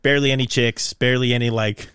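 A man's voice: mid-range voice, steady tone, fast talker, a bit bright, smooth, no echo, clean studio sound. Young man rambling in casual chat. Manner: rambling, laughs often, jokey put-on voices.

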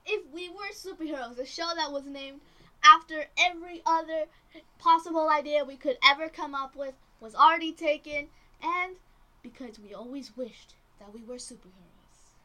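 A woman's voice: high-pitched, moderate pace, pushed and bright. A woman co-hosting a podcast, teasing and emphatic in casual banter. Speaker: podcast co-host.

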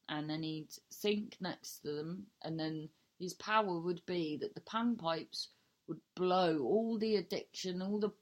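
A woman hosting her own podcast, improvising a silly story with lots of restarts, swearing freely and joking at her own expense. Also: on the low side. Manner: swears freely, self-mocking humour. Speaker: podcast host and comedian. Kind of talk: casual solo podcast chat.

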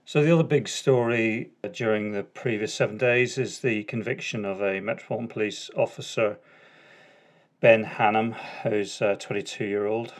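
Middle-aged guy rambling on his own podcast, bit low voice, lots of ums. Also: steady tone, normal speed. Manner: chatty and self-correcting, frequent ums and uhs. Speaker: podcast host. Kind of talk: casual solo podcast monologue.

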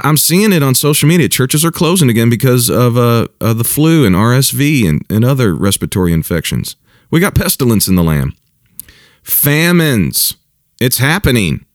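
A man, a pastor, giving casual spoken commentary, halting and repeating himself, chuckling now and then. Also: mid-range voice, dry recording, clean studio sound. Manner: halting and repetitive, with chuckles and mocking mimicry.

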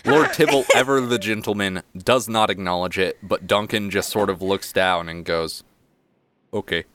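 Deep-voiced man narrating a game. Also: normal speed, a little hiss or hum. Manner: relaxed, wry narration. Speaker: game master.

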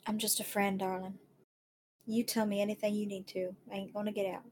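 A motherly adventurer speaks softly and soothingly, as a woman plays her. She murmurs comfort and calls the stranger darling. Her voice stays low and hushed. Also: steady tone, normal speed, noisy background, natural voice.

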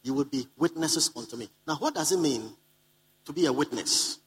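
A man's voice: on the high side, expressive, moderate pace, rough recording. Man preaching with insistent repetition. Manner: repeats key lines for emphasis; calls out to the congregation. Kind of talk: sermon to a live congregation. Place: conference hall.

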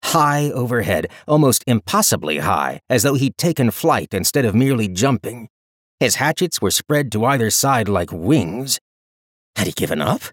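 A man reads a fantasy audiobook in a dramatic storytelling style, his pitch swinging widely through each line. He is recorded on a close studio mic with a dry, dead sound. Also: big pitch swings, normal speed, no room sound. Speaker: audiobook narrator. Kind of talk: scripted narration.

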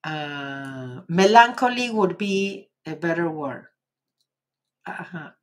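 Speaking slowly with a low-sitting voice and lively intonation, a woman hosts a casual live stream and goes through viewer comments. She's a native Spanish speaker with an Argentinian accent, gentle and encouraging, and uses plenty of fillers.

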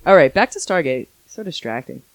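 A woman co-hosting a podcast in a casual chat, chatty and animated, often giggling. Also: sits low, a little fast, no room sound. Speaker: podcast co-host.

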